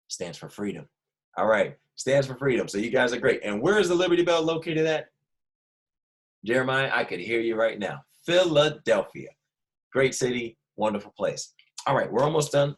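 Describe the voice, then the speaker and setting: A man teaching a recorded history lesson to first graders, animated and prompting the children to repeat after him. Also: on the low side, low-quality recording.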